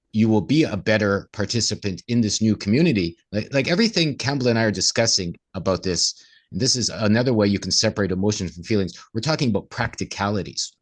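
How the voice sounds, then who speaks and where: Low-voiced man acting out inner voices. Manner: acts out inner voices in quoted asides. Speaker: co-host. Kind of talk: casual conversational discussion.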